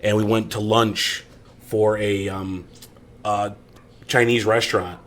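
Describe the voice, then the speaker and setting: A man's voice: lowish voice, steady tone, takes it slowly, fairly bright tone. Profane rambling man telling a story. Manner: rambling, profane, laughs through stories. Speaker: podcast guest. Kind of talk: casual storytelling.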